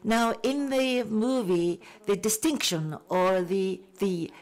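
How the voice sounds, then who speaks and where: A woman working as an interpreter at a film panel, putting audience questions and panel answers into English phrase by phrase. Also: mid-range voice. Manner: halting, phrase-by-phrase delivery.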